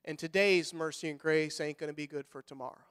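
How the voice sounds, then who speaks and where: A middle-aged man preaching a sermon in a high, clear, resonant voice. He is folksy and repeats words when he gets going. He swings between loud, fervent passages and quiet, soft-spoken stretches. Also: fairly even intonation, brisk. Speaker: pastor.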